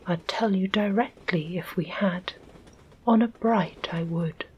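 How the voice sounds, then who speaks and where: A woman's voice: on the low side, slow pace, slightly rough, dull audio, exaggerated voice. A woman with an English accent voicing an earnest, polite young girl in whispered role-play, speaking apologetically.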